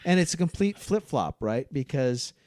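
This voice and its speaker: A man's voice: medium pitch, very animated, moderate pace, a little mellow, dry recording. A man guesting on a podcast, eagerly talking through a film and acting out scenes as he goes. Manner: enthusiastic, acts out film scenes. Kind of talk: casual film discussion.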